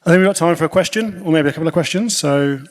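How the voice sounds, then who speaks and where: A man's voice: a little high, racing, a little hiss or hum. A man chairing a conference session, giving brief, informal introductions. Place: lecture hall. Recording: long hall reverb.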